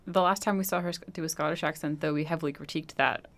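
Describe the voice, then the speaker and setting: A woman's voice: deep voice, fairly even intonation, fast, a bit bright. A young woman co-hosting a podcast, talking through a film in a thoughtful, analytical, chatty way. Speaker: podcast co-host. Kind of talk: casual chat.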